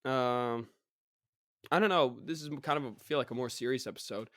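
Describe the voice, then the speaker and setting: A young man talks through a casual solo podcast at a middle pitch, his voice a little worn and short of range from a recent illness. He rambles, gets worked up, and mocks people in quick put-on voices. The sound is close and dry, with no room behind it. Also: no room sound. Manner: rambling and animated, mocking others in put-on voices. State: recovering, voice partly gone. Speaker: podcast host.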